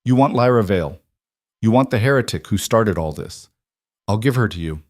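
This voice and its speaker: A man's voice: lowish voice, expressive, moderate pace, no room sound, studio quality, close to an everyday voice. A man voicing a desperate, protective former inquisitor in a fantasy audiobook, urgent and firm. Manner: urgent, shouting at times.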